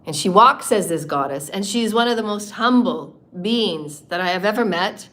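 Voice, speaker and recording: A woman with a scratchy, hoarse voice gives a heartfelt spiritual talk on a live stream. She strings long, flowing phrases of praise together in a soft, earnest tone. Her pitch sits in a middle range. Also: lively intonation, moderate pace. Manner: heartfelt and reverent, praising and thanking.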